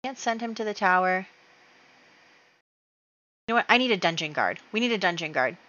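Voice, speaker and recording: Bright-toned chatty woman gamer. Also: medium pitch, animated, moderate pace, highs cut off. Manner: chatty, narrates her moves with fillers and laughs. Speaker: let's play host. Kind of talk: casual game commentary.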